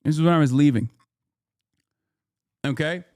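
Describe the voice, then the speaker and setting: A male streamer rants in loose, profane casual commentary, circling back over his points. His voice sits a little high for a man. The sound is close and dry. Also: normal speed, a little mellow, no room sound. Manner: profane, rambling, indignant.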